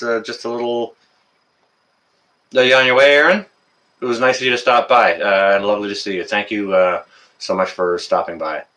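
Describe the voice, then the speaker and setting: Bright-voiced man chatting on a livestream. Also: medium pitch. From Canada. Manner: greets chat viewers by name, chatty, many fillers. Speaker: livestream host. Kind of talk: casual livestream chat.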